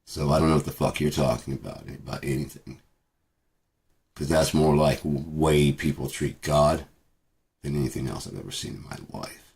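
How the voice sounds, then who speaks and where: Deep-voiced man ranting bitterly. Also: normal speed, creaky, darkish tone. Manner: bitter, swearing, repeats himself. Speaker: vlogger. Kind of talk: profane ranting monologue.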